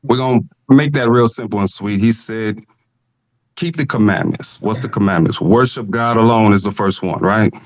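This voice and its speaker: A man calling in to a podcast, lecturing slowly and asking for patience as he builds his point. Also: fairly low pitch, low-quality recording. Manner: slow, lecturing, stalls for time. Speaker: caller. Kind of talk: preaching argument on a call.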